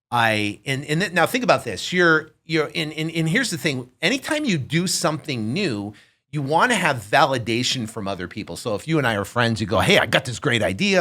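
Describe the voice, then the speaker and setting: On a podcast, a guest in his fifties tells a story conversationally, animatedly acting out each character's voice. He speaks in a mid-range voice at a moderate pace.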